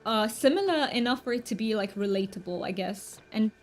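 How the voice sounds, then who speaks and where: A woman's voice: on the high side, expressive, a little fast. Chatty woman streamer over faint music. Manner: chatty, rambling with fillers and self-corrections. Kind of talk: casual gaming stream chat.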